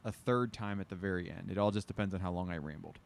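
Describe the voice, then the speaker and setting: A man's voice: low voice, fast, vocal fry. A man chatting casually with friends, telling stories in a rambling way and mimicking other people's voices. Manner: rambling, animated storyteller who mimics others. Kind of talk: casual chat.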